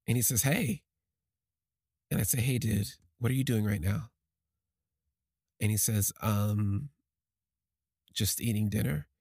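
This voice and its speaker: A man with a lowish, slightly husky voice recounts a personal story. He speaks haltingly and with emotion, often restarting his sentences. The sound is close and dry, with no room around it. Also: warm tone, no room sound. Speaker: podcast storyteller.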